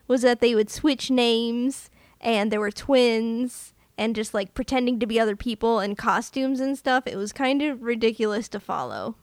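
A woman co-hosting a film podcast in a casual chat, talking in quick asides and laughing often. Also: on the high side, dry recording. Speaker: podcast co-host.

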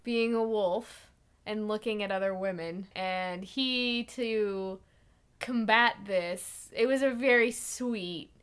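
A woman's voice: medium pitch, slow, clean tone. A young woman co-hosting a podcast, chatting enthusiastically about a film and laughing often. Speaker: podcast co-host. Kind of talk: casual film chat.

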